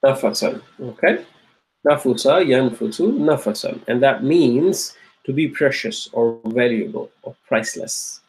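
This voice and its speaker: A man's voice: mid-range voice, low-quality recording. A man teaching an Arabic grammar lecture, repeating each word and checking in with his students. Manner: repeats words slowly, asks checking questions. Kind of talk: classroom lecture.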